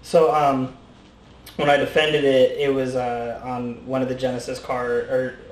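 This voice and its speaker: A young man telling fight stories in casual chat, animated, laughing and swearing often. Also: medium pitch, a little slow. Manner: animated, laughing storyteller who swears a lot. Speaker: podcast guest, former fighter. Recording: roomy, faint room noise.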